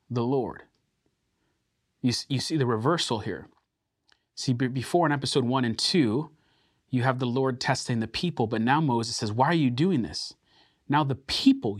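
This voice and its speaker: A man teaching a sermon through scripture, earnest and emphatic, slowing down to stress key words. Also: medium pitch, dry recording, clean studio sound.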